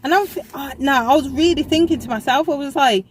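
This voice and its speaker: A woman's voice: high voice, fast, hardly any pauses, poor audio. A young woman telling a casual storytime in a chatty, rambling way, full of fillers. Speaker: vlogger.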